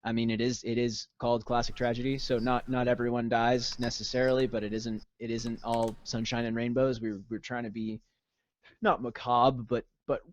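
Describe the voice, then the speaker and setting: A man's voice: mid-range voice, little pitch movement, normal speed, highs cut off. A man chatting casually as a podcast guest, enthusiastic and rambling, with many restarts. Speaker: musician guest.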